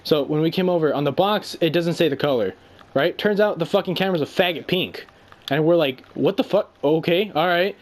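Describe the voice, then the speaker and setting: A young man with a somewhat high voice talks a little fast, angrily venting to a friend on a call. He swears and rambles his way through a story in a casual rant.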